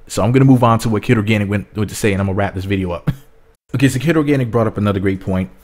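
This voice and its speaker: A man's voice: lowish voice, rapid-fire, darkish tone. A man giving casual spoken commentary in a rambling way, repeating words as he goes. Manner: rambling, repeats words, drops into mocking voices. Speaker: vlogger.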